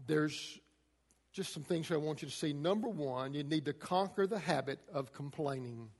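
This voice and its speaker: A man's voice: a little high, normal speed, a little mellow, long reverb tail. A man preaching a sermon to a congregation, emphatic, his delivery rising and falling. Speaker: pastor.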